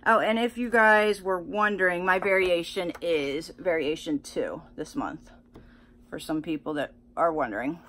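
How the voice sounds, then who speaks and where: Chatty excitable woman beauty vlogger. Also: fairly low pitch, moderate pace, slight background noise. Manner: chatty, excitable, many fillers and restarts. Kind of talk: casual unboxing chat.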